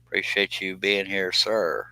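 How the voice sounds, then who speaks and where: A man's voice: low-pitched, fairly even intonation, measured pace, vocal fry, sharp tone, no echo, low-quality recording. A man hosting a casual live stream, chatting in a folksy, joking way while he cuts on a scroll saw in his workshop. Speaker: livestream host.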